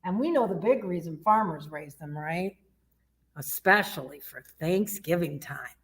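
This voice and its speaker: A woman's voice: fairly low pitch, expressive, measured pace. A woman youth librarian from Michigan leading a children's story time in a sing-song way. She asks her young listeners questions and imitates animal sounds.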